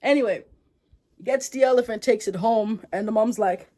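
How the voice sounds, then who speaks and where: A storyteller vlogger, a woman, tells a folktale to camera in a casual, chatty style, using slang and wandering into digressions. Her fairly high voice moves at a moderate pace, and her tone stays relaxed and conversational.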